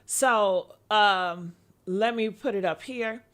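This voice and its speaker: A woman hosting a live-stream celebrity gossip vlog, sassy and animated, calling her viewers honey. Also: medium pitch, slow. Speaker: gossip vlogger. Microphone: earpiece.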